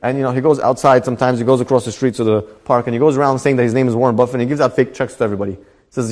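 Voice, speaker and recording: A man, a rabbi, telling a story in a Torah class in a lively storytelling manner. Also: medium pitch, rapid-fire, big-room sound. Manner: animated storytelling with voiced characters.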